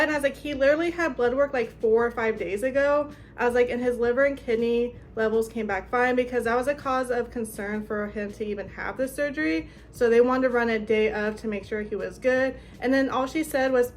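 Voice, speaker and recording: A woman's voice: fairly high pitch, fairly quick, a little hiss or hum. A young woman vlogger telling a story in a casual, chatty way, filling her talk with "like". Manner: chatty, lots of "like", animated retelling.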